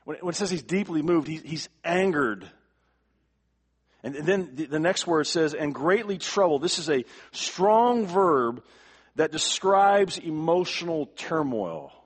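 A male pastor delivering a sermon, emphatic, repeating words for stress and swinging from quiet to forceful. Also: on the high side, lively intonation, measured pace, slightly rough.

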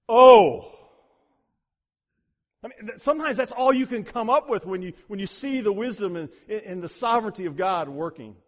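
A man preaching a sermon as a pastor, building to loud emphatic peaks and then dropping low, often repeating words for emphasis. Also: long reverb tail.

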